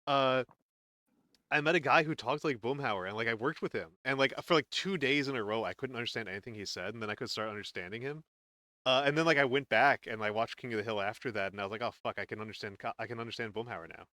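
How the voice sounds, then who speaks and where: A man's voice: mid-range voice, fast, bright, forceful tone, dry recording. A man hosting a casual painting stream, rambling with lots of fillers and restarts. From northern region. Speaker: streamer and host.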